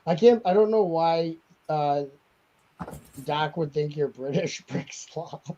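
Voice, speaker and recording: Man, live-stream host, casual banter, laughs often, higher pitch, lo-fi audio. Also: slow, mellow, a little hiss or hum. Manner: jokey, laughs a lot, slips into mock accents.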